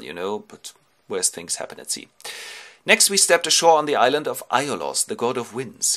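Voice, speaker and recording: A man's voice: mid-range voice, pushed and bright. A man from Germany giving a playful, colloquial comic retelling of a classic epic in the first person. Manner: playful, colloquial, jumps into character voices.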